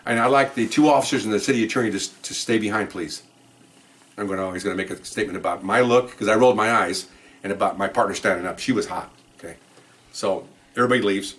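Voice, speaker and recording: A man recounts a police story for a podcast in a rather low voice. He talks in an animated way, wanders into asides and jumps back on track. He acts out the other people's lines as he goes. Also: quick pace. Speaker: police officer telling stories.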